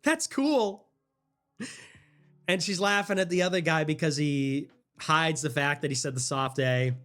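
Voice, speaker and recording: A man in his twenties, a livestreamer, ranting fast and animated in casual stream talk, with laughing asides. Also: fairly high pitch. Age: 20s.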